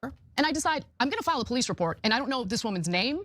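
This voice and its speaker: A woman's voice: on the high side, very animated, very fast, a bit bright, no room sound. A woman in a recorded video, telling her story in an emphatic, aggrieved way.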